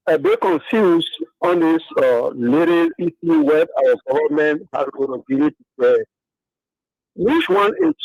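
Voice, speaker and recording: A man's voice: fairly high pitch, darkish tone, no room sound. A man with a Liberian accent, a pastor calling in to a radio talk show, who talks hesitantly and fills gaps with uh. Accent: Liberian English. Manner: hesitant, full of fillers. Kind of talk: call-in radio opinion. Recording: tinny phone line.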